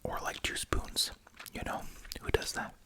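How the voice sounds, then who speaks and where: This ASMR host whispers at a measured pace while chewing gum. The commentary is chatty and wry, full of asides and rhetorical questions.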